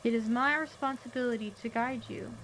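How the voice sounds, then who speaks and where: A woman reading aloud as an unsettling old man who rambles about guidance and faith in a slow, solemn way. The voice sits a bit high, with a faint hiss of noise behind it. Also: fairly even intonation, a bit bright, close to an everyday voice, poor audio. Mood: ominous. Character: creepy old man, preachy and cryptic.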